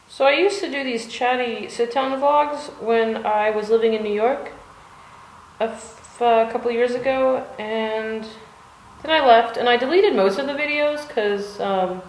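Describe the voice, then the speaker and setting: Chatting loosely in her chilly home art studio, a vlogger from the United States fills her talk with fillers and the odd curse. Her voice is a little high and measured in pace, and the room sounds echoey with a bit of background noise.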